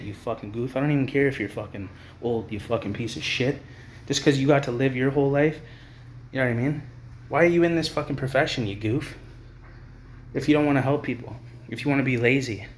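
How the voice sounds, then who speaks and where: A man's voice: medium pitch, slight background noise. A young man from Canada ranting angrily to the camera, swearing a lot, repeating himself and trailing off. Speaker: vlogger. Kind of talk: angry rant to camera.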